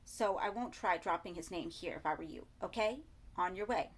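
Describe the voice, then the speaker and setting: A woman's voice: on the low side, moderate pace. A woman voicing a snide male hotel receptionist whose put-on posh diction slips into a London accent. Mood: sneering. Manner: clipped, sneering, slipping into cockney.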